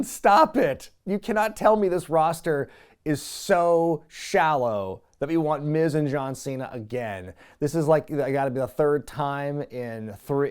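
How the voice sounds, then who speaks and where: A man's voice: fairly high pitch, darkish tone, clean tone. A man hosting a wrestling review show, recapping an old episode in a chatty, sarcastic way with lots of fillers. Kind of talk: casual recap commentary.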